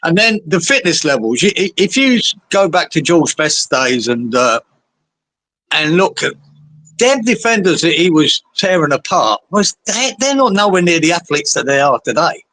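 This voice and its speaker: Brief: fan co-host, bright, forceful voice, cheeky banter, swears freely. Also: male voice, fairly high pitch, sing-song, moderate pace. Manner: chirpy, swears a lot, banters. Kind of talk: casual fan chat.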